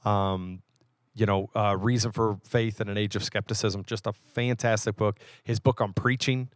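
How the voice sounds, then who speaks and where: A man's voice: fairly low pitch, fairly even intonation, normal speed, dry recording, studio quality. A man, a pastor from West Virginia, chatting casually and easygoing on a podcast. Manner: easygoing, stops and restarts, warm enthusiasm. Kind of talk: casual chat.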